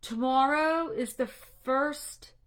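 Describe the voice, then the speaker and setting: A woman's voice: sits high, slow, fairly bright tone. A middle-aged woman coaching on anxiety, talking directly to her group on a livestream in an earnest, slightly preachy way, emotional and close to tears. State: tearful, emotional. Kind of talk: casual livestream talk to a group.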